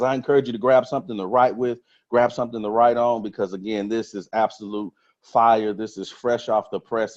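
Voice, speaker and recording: A man giving an energetic motivational talk on a webinar, repeating phrases for emphasis. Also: fairly low pitch. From Texas. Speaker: motivational speaker on a trading webinar. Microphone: webinar call mic. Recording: slightly dull lo-fi webinar audio.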